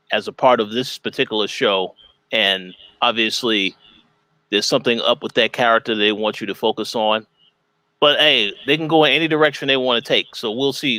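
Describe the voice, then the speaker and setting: A man's voice: medium pitch, sharp tone, no room sound, rough recording. A man co-hosting a casual spoiler review, mostly giving short agreements and stammering as he restarts his thoughts. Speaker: editor-in-chief co-hosting the review.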